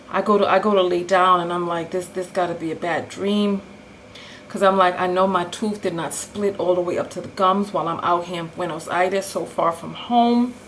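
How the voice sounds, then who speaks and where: A woman telling a story in a casual vlog, animated and full of acted-out quotes. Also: on the low side, a little hiss or hum, poor audio. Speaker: vlogger.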